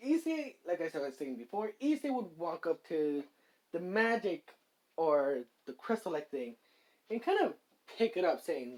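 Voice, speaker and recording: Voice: mid-range voice, very animated, moderate pace, darkish tone. A fan storyteller narrating an improvised fan story in a casual, rambling way, full of fillers and restarts.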